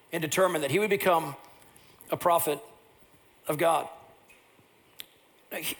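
High-voiced older male pastor preaching. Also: vocal fry. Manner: animated storyteller who acts out scenes. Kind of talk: sermon.

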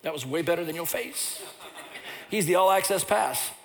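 A pastor preaching a sermon, telling personal stories, and at times rising into loud impassioned preaching. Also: male voice, a little high, animated, normal speed, creaky.

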